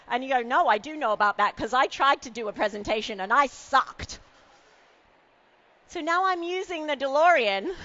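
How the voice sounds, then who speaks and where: Woman doing a jokey self-mocking keynote, bright ringing voice, kinda dull lo-fi recording. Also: high-pitched. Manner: playful and self-mocking, teases the audience. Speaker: keynote speaker. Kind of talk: conference keynote talk. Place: event stage with a podium.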